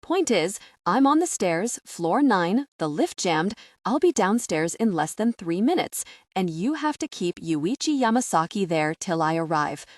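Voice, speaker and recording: A woman's voice: mid-range voice, sing-song, measured pace, darkish tone, no echo, studio quality. A woman reading the lines of a bossy, bad-tempered businessman in an audiobook, curt and demanding as he barks orders.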